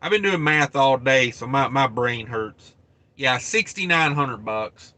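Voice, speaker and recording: Bright-voiced trucker chatting on a livestream. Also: male voice, mid-range voice, animated, a little slow, dry recording. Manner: rambling, thinks aloud, reads viewer names. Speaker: trucking channel host. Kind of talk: casual livestream chat.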